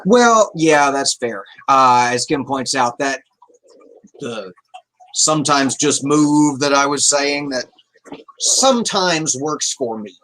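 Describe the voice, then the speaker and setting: A man's voice: mid-range voice, expressive, takes it slowly, a bit bright, rough recording. A man hosting a casual livestream, rambling as he reads out chat messages and swears offhandedly. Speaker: livestream host.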